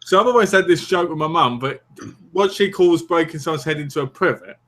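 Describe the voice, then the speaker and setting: A man's voice: on the high side, a little fast, fairly bright tone. A man from the East End of London, chatting casually as a podcast co-host and telling teasing, jokey stories. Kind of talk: casual chat.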